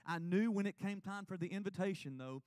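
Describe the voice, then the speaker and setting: High-voiced preacher telling his testimony. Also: brisk, darkish tone, dry recording. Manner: earnest, confessional storytelling. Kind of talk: sermon testimony. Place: church sanctuary.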